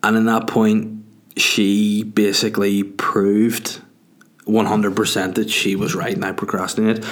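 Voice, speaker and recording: Rambling, profane man. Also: lowish voice. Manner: profane, joking, digressive storytelling; fillers like you know and do you know what I mean. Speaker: podcast host. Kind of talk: rambling comic monologue.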